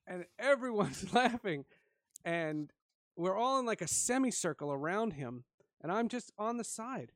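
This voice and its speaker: Animated man telling a laughing story. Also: high voice, a little slow, no echo, clean studio sound. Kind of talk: casual storytelling chat.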